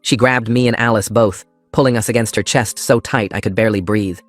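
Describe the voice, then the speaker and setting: Low-voiced man reading a story. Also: steady tone, brisk, dry recording, soft background music. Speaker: narrator. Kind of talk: calm scripted story narration.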